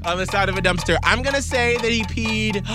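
A man's voice: high voice, moderate pace, music in the background. A man hosting a casual podcast, playfully teasing his co-hosts. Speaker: podcast host.

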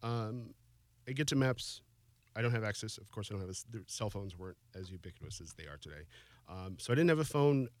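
A man in his forties shares a personal story in casual chat, softly and haltingly, with emotion close to the surface. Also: on the low side, expressive. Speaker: guest.

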